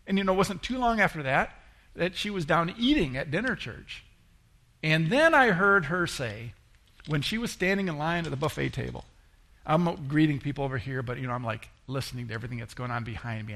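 A middle-aged male pastor preaching a sermon in a conversational storytelling way, acting out the people he quotes. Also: a bit bright. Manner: conversational, acts out quoted voices with rising pitch.

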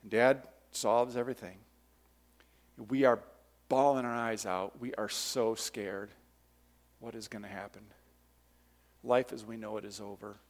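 A man preaching a sermon, telling a childhood story with lively voice and acting out the shouted moments, then leading a prayer. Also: lowish voice, a little slow, long pauses. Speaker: pastor. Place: church sanctuary.

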